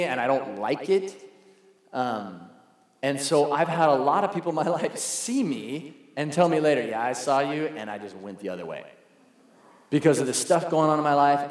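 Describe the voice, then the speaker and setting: A man's voice: on the high side, normal speed. A man preaching a sermon as a pastor, telling stories in a conversational way and acting out the people he quotes. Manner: conversational storytelling, acts out quoted voices. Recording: echoey hall.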